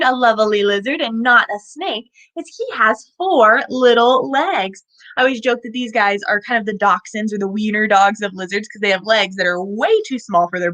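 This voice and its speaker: A woman hosting a live children's animal show, animated and asking young viewers questions as she presents a lizard. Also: fairly high pitch.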